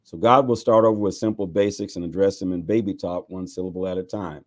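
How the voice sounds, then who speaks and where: A man, a bishop, reading scripture aloud in an expressive way, with exclamations and chuckles between passages. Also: deep voice, fast talker, hardly any pauses.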